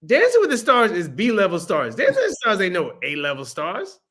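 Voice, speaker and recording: In a high-pitched, slightly bright voice with huge swings in pitch, a young man co-hosts a podcast, riffing jokingly on movies at a fairly quick pace. Laughter comes often during the casual review talk.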